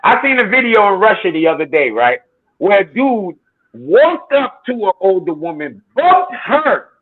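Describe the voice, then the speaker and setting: A man hosting a football watchalong, telling animated stories with plenty of swearing. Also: high-pitched, a little slow, no room sound, phone-quality sound. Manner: animated storytelling, heavy swearing, acts out quotes. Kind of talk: casual watchalong chat.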